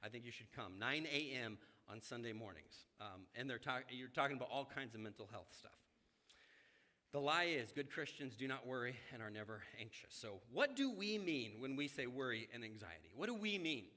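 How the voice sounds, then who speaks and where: A man preaching a sermon to his congregation in a conversational, animated way, speaking to them directly. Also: medium pitch, moderate pace. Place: church sanctuary. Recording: church hall reverb.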